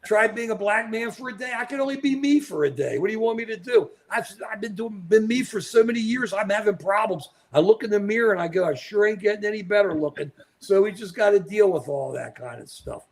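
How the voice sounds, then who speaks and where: A man's voice: high-pitched, expressive, brisk, hardly any pauses. A man co-hosting a live political chat show, talking animatedly and calling out viewers by name. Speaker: co-host. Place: at home in New York.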